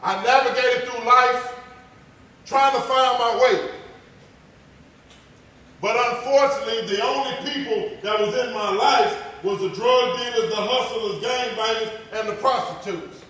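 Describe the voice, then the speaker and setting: A man's voice: extremely high pitch, measured pace. Dramatic man in an echoey hall. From Texas. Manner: dramatic, swings from loud to hushed. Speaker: motivational speaker. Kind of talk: personal testimony speech. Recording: echoey hall, voice far from mic.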